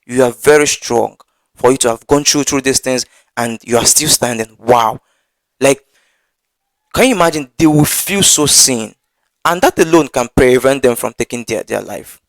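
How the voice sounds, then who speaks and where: A man preaching about scripture in an earnest, halting way, tripping over words and repeating them as he goes. His voice sits at an ordinary middle pitch. The sound is dry and close, with little room echo. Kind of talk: Bible teaching.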